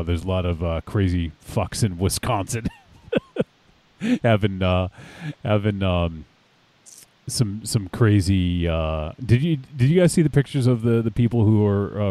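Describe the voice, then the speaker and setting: A man's voice: low-pitched, warm tone, dry recording. A man hosting a podcast in loose, casual banter, laughing often and swearing freely. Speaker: podcast host.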